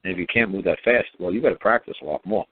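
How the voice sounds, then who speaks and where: Low-voiced folksy man on a phone line. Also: fast. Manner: folksy, rambling, plain-spoken. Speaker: host. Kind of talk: casual advice monologue. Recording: tinny phone-line sound.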